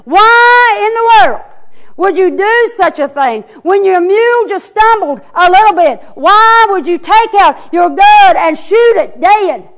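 A bewildered old husband, high-pitched and indignant, as a woman preacher acts him out. He pleads and protests in loud, disbelieving bursts. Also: lively intonation, unhurried, exaggerated voice. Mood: shocked. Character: bewildered old husband recalling his honeymoon.

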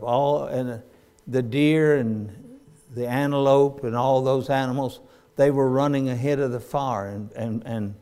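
An older man, preaching a sermon in a folksy storytelling way that breaks into sudden loud cries. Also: medium pitch, clean tone.

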